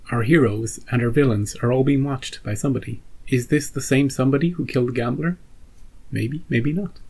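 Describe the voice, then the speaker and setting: A man's voice: medium pitch, vocal fry, darkish tone, husky, rough recording. A man hosting a reaction channel, recapping a show in a wry, musing way and asking himself questions. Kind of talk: casual recap monologue.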